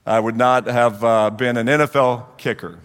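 A man in his forties, a guest speaker at a church men's group, gives a storytelling testimony and acts out the dialogue with lively energy. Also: medium pitch, moderate pace, clear, resonant tone. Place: church hall. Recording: long reverb of a large hall.

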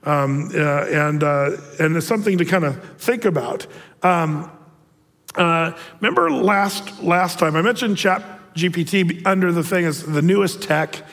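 A man's voice: on the high side, measured pace, fairly bright tone, long reverb tail. A man giving a casual, digressive sermon as a pastor, with joking asides. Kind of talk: casual prophecy-update sermon.

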